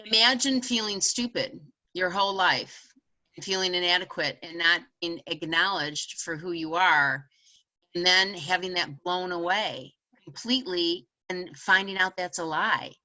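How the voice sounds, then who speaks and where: Female educator guest, animated storyteller, sharp, bright tone. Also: lowish voice, unhurried, poor audio. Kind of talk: storytelling in a casual chat.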